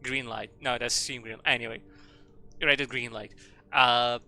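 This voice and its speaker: A man's voice: mid-range voice, steady tone, normal speed, pushed and bright. A man streaming a game, rambling and joking with casual swearing. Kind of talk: casual gameplay commentary.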